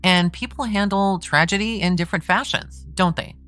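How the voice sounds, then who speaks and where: Voicing a persistent male defense attorney from a trial transcript, a woman true crime podcaster presses a witness with leading questions. Her mid-range, fairly bright voice moves at a moderate pace and sounds close to everyday speech, over faint background music.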